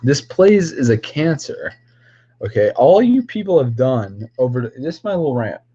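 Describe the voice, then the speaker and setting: A man's voice: mid-range voice, sing-song, normal speed, dark tone, breathy edge, lo-fi sound. A man on a casual livestream, rambling and ranting with constant profanity at his viewers. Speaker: streamer.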